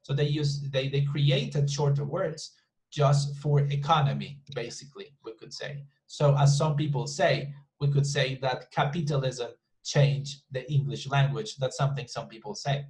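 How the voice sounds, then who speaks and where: Heard on a rough recording, a man teaching an online English class speaks at a moderate pace with a medium-pitched, steady, darkish voice. He rambles chattily, repeats things, and asks the class questions often.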